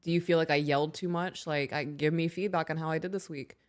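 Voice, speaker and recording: A woman in her thirties co-hosting a casual podcast, reading aloud and telling animated stories about her kids. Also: deep voice, fast talker. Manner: animated storyteller, acts out her own raised voice. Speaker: podcast co-host.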